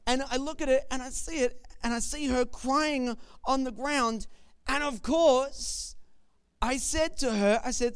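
A man's voice: extremely high pitch, measured pace, clear, resonant tone. A man in his thirties preaching a sermon, telling a family story and building to emphatic declarations. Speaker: pastor.

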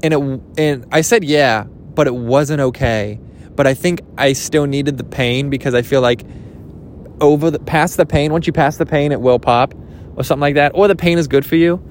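A young man rambling jokily in a casual vlog, swearing now and then, his pitch jumping up when he gets excited. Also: normal speed, a little hiss or hum. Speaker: vlogger. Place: outdoors at a beach.

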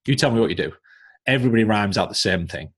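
This Northern English man has a fairly low, slightly bright voice with lively intonation, a breathy edge and a quick pace. As a guest coaching business mentor on a relaxed podcast, he explains his opinions bluntly and lectures through examples.

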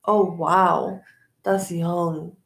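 A woman's voice: on the low side, steady tone, extremely slow, gravelly. A young woman co-hosting a podcast, chiming in with short, blunt reactions and casual swearing. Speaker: podcast co-host listening to the case. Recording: echoey room.

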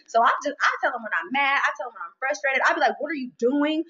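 A woman talking candidly about faith and frustration, animated and expressive, acting out her inner dialogue. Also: high voice, very fast, dull audio. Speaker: guest, merch business owner.

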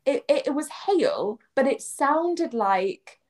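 Woman, English accent, casual podcast chat, animated, acts out quotes, higher-pitched. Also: slow. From England. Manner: animated storyteller, acts out quotes and sound effects. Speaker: podcast co-host.

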